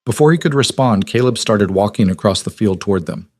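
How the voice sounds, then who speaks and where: A man narrating a historical romance audiobook in a measured, dramatic storytelling voice. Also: fairly low pitch, animated, a little mellow.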